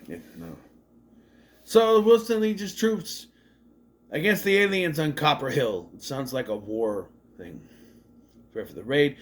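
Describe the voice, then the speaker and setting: Male movie reviewer, casual recap, animated delivery, pitch slightly high and very lively. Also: measured pace, long pauses. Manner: animated, swears, mocks scenes in exaggerated voices.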